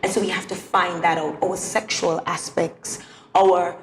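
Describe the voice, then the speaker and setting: A woman who is a teacher and poet answers interview questions in an earnest, devotional way, repeating phrases in a steady rhythm. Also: on the low side, measured pace, a little hiss or hum. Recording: roomy echo.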